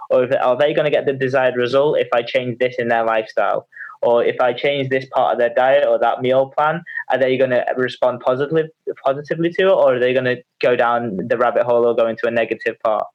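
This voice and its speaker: A man's voice: medium pitch, fast. Man telling rambling coaching stories. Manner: animated, repetitive storytelling with many restarts. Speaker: online fitness coach. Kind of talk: casual podcast chat. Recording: slightly muffled audio.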